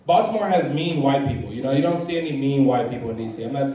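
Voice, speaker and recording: A man's voice: mid-range voice, lively intonation, quick pace, mellow, recorded from a distance. A young man from Washington, D.C. doing his first stand-up set, rambling and profane, with lots of fillers and restarts. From Southeast Washington, D.C. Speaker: first-time stand-up comedian. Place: comedy club stage, open mic. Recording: very echoey room, voice from afar.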